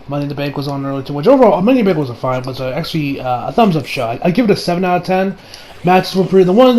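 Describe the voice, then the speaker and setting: A man's voice: on the high side, slight background noise, low-quality recording. A man talking casually as he reviews an anime episode, rambling with lots of restarts and the odd swear.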